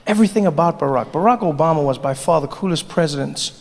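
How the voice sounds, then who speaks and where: A man doing stand-up comedy, telling stories in an animated, playful way. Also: on the high side, quick pace. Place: large live venue with audience. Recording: live hall with long reverb, faint ambience.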